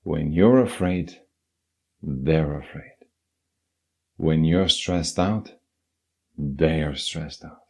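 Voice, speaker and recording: A man's voice: rumbling low, takes it slowly, long pauses, mellow, slightly rough. A man giving a scripted, earnest self-help narration and speaking directly to the listener.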